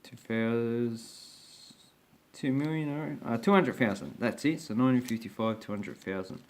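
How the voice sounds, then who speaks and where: A coin collector talks through his collection in a relaxed show-and-tell on his own channel, rambling and starting over frequently. He speaks at normal speed with a medium-pitched voice.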